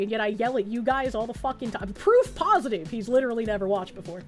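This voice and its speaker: A woman's voice: fairly high pitch, animated, a little fast, few pauses, fairly bright tone, faint music behind. A woman from Canada streaming casually, reading chat aloud with profane, sarcastic mockery. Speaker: livestreamer.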